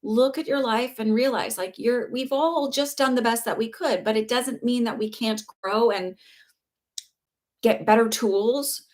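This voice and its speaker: A woman's voice: on the high side, steady tone, measured pace, a little mellow. Earnest woman giving spiritual advice live. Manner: earnest, reassuring, rambling with fillers and restarts. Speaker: spiritual teacher and psychic reader. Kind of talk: casual live-stream talk.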